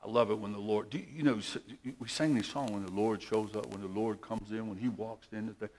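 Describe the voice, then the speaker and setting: A man preaching a sermon, repeating phrases and swinging between loud bursts and hushed asides. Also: lowish voice, fairly even intonation, a little fast.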